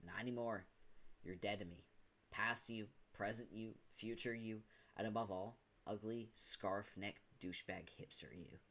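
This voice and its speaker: A foul-mouthed teenage troll boy, as a man reads him aloud from a webcomic, rants and hurls insults in a lowish voice. His temper never cools. Each line is a furious jab. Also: fairly even intonation, measured pace, fairly bright tone. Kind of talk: dramatic reading of a webcomic.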